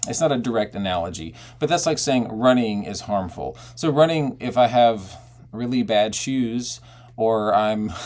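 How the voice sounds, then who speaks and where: A man teaching belting technique, talking casually and breaking into loud belted "hey" and vowel demonstrations. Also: lowish voice, creaky. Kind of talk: vocal technique lesson with sung demonstrations.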